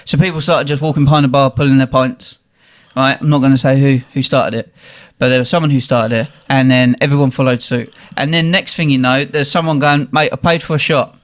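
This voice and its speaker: A young man, animated and swearing as he tells a funny story in casual chat. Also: mid-range voice, brisk, hardly any pauses. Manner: animated, swearing, laughing at his own story. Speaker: guest telling a story.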